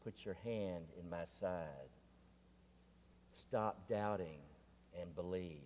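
Gentle, quiet Jesus read by a male preacher, low and slow, long reverb. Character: Jesus speaking gently to a doubting disciple.

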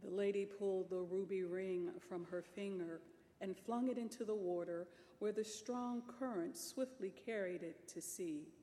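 A woman reads a story aloud in a slow, deliberate way, her mellow voice lending expression to a lady's cries. The sound rings out in a large hall with a long, lingering echo. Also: medium pitch, fairly even intonation. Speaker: co-reader voicing the lady. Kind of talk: dramatic story reading.

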